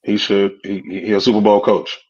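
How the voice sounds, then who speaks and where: A man guesting on a sports talk show, speaking haltingly with many fillers. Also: on the low side, completely flat delivery, darkish tone. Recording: dull lo-fi sound.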